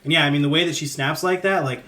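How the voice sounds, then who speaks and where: A man co-hosting a podcast in casual chat, conversational and quick to laugh. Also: a little high, a loud crowd. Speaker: podcast co-host.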